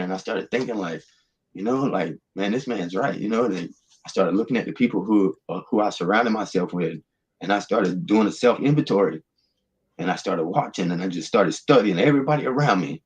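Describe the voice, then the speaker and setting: A man's voice: sits low, brisk. A man, earnestly telling his personal testimony as a guest, rambling through the story with restarts.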